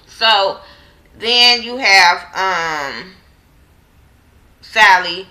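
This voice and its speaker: A woman's voice: on the low side, moderate pace, pushed and bright, rough recording. A woman casually recapping a TV drama episode with slang and profanity, acting out the characters' lines in quotes. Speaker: TV show reviewer.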